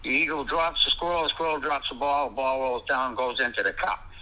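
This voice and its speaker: An older man from New England telling a joke over a tinny phone line in an unhurried, dry way. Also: medium pitch, fairly even intonation, pushed and bright.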